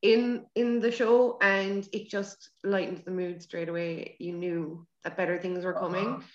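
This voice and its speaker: A woman's voice: fairly low pitch, level tone, a little slow. An Irish woman hosting a podcast interview, enthusiastic and encouraging toward her guest. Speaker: podcast host. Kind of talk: casual interview chat. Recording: dull echoey room sound.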